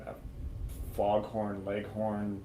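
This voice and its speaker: A man's voice: lowish voice, monotone, slow, roomy sound, crowd noise, rough recording. A man co-hosting a casual film chat, rambling and hunting for movie titles with lots of fillers. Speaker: co-host of a film review show. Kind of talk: casual chat over drinks.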